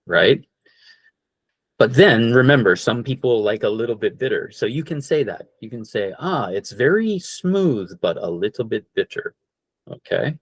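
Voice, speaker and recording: A man teaching an online English class, slowly repeating each word and checking in with "okay?". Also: fairly low pitch, slightly rough, no room sound. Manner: slow, repeats words for practice, frequent "okay?".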